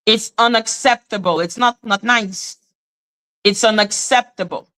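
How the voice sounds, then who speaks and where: Streaming live from Canada, this woman vents her indignation with crude, outspoken talk, hammering the same points repeatedly. She has a mid-range voice with a sharp tone.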